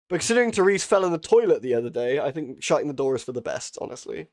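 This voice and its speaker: A man's voice: fairly high pitch, very animated, very fast, a little mellow. Joking man streaming a game. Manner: joking, laughs often, swears casually. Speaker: streamer playing a horror game. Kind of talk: casual live-stream chat.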